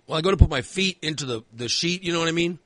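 A man's voice: a little high, quick pace, a bit bright, dry recording. A man rambling through a long personal story in casual chat, swearing freely and filling in with lots of asides.

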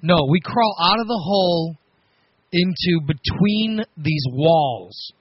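A man hosting a radio show, telling a story on air in a casual, animated, self-mocking way with frequent laughs. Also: sits high, slow pace, breathy edge, no echo, dull audio. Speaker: radio host.

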